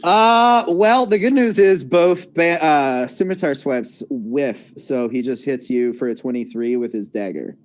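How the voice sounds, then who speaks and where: A man running a tabletop game as dungeon master narrates over voice chat in a mid-range voice, a little slow and with hardly any pauses. He's casual and joking, and his rules explanations are packed with fillers.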